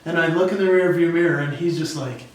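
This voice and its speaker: A middle-aged man, a guest speaker and comedian, tells an animated personal story and acts out the people in it. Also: on the high side, quick pace, distant mic. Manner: lively and expressive, acting out the people in his stories. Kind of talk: animated storytelling in a podcast interview. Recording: echoey room, voice away from the mic.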